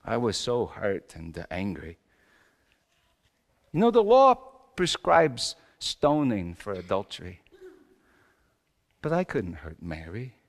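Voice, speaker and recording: In a church sanctuary with the long reverb of the hall, a pastor delivers a joking, self-mocking first-person sermon monologue as a wry, exasperated Joseph the carpenter, making big emphatic swings. His fairly low voice is very animated, slow, and creaky, heavily acted and full of pauses.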